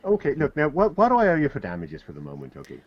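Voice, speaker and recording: A man's voice: a little high, huge pitch swings, quick pace. A man player at a tabletop game, joking and laughing at his own quips. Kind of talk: casual chat at a game table. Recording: dull lo-fi, faint noise.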